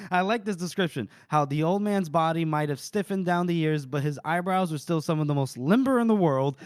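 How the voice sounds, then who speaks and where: A man retelling chapters on a podcast, with a fairly high voice and quick shifts into character lines. Recorded close and dry on a podcast mic. He is animated and chatty. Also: dry recording. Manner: animated storyteller who acts out quotes. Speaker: podcast co-host. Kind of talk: casual book-discussion chat.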